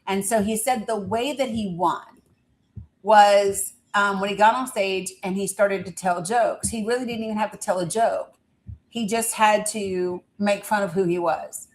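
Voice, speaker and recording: A woman's voice: mid-range voice, fairly even intonation, a little slow, rough recording. Chatty woman streaming live. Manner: chatty, rambling, laughs with her chat. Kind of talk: casual live stream chat.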